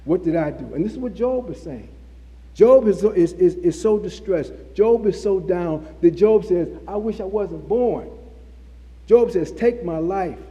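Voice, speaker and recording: A man's voice: high voice, lively intonation, a little slow, dark tone, lo-fi sound. A man preaching a sermon, repeating phrases for emphasis. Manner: repetitive, emphatic preaching with restarts. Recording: long hall reverb.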